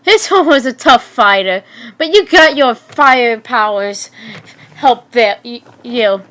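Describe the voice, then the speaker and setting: In an amateur story reading, a woman voices a greedy, scheming man who runs dog fights, sounding loud and excited while stumbling over words. Her voice is fairly high and her pace slow.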